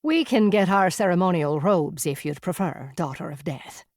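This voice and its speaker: A woman voicing a courteous older man who leads a small sect, polite and gently formal. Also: lowish voice, animated, moderate pace, no echo, studio quality. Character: genial older man, silver-haired sect leader.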